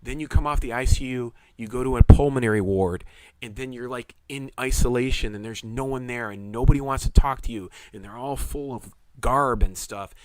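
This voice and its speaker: A man's voice: mid-range voice, normal speed, dry recording. Earnest rambling man, dry close sound. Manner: rambling, repeats himself, earnest. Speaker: covid survivor sharing his story. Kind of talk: casual personal testimony.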